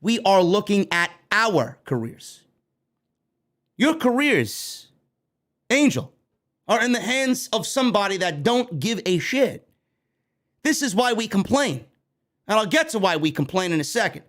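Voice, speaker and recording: A man from New York runs a wrestling news show in a heated, profane rant. His voice sits high and leaps up and down with lively pitch swings. He swears freely and keeps the energy up. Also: measured pace, long pauses. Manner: animated, heated, heavy swearing. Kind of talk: profane ranting commentary.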